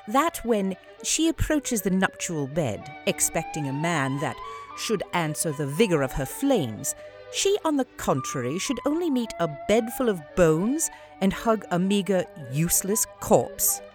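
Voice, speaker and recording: Woman doing a fed-up 1600s english wife, lively swooping delivery, bit of music under it. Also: on the low side, a little slow. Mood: indignant. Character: frustrated 17th-century English wife petitioning. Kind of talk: dramatic reading of an old pamphlet.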